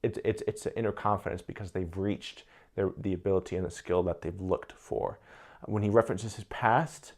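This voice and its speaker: Low-voiced guy talking through personality stuff, kinda halting, restarts a lot. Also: fairly even intonation, a little mellow. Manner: thoughtful, repeats words while searching for phrasing. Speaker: personality analyst commentator. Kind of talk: casual analytical commentary.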